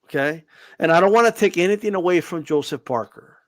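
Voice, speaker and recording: A man co-hosting a casual boxing chat, joking and animated, often tossing in "you know what I mean". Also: high-pitched, a little fast, no echo. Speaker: boxing podcast co-host.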